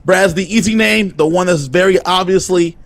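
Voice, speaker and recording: Casting note: man fan-show co-host, high voice, dry close sound, teasing. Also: normal speed, no echo. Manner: teasing, matter-of-fact arguing. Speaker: podcast co-host. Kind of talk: casual chat.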